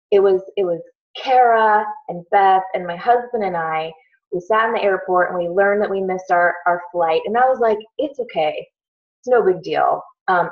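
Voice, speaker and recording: A middle-aged woman talking casually to her team, telling a story with many fillers and restarts. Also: mid-range voice. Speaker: team leader on a call. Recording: muffled lo-fi call audio.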